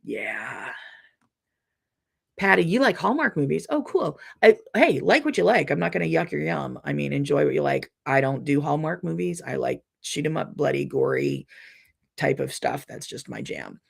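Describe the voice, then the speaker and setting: A middle-aged woman hosts a relaxed live stream, talking in a loose, rambling way full of ums and restarts. Her voice is deeply gravelly and husky. She reads viewers' comments aloud and answers each one. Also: normal speed. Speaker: quilting channel host reading live comments. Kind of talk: casual live-stream chat.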